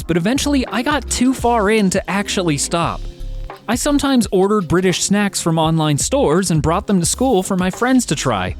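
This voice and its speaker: A narrator reading online confession posts and comments aloud, with casual asides and quick laughs between readings. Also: medium pitch, darkish tone.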